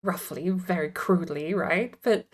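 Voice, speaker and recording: A woman's voice: fairly low pitch, a little slow. A woman streaming a card game, chatting casually and playfully and laughing often. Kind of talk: casual chat while gaming.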